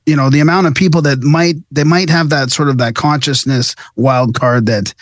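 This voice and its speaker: A man's voice: on the high side, steady tone, moderate pace, dry recording. Canadian male podcast host, repeats himself for emphasis, dry close sound. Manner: emphatic, repetitive, swears when worked up. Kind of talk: casual panel chat.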